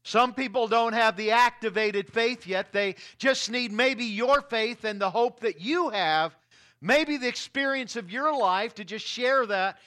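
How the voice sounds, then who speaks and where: High, bright-voiced man preaching a sermon. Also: unhurried. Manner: preaching with swings from loud to hushed. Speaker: pastor.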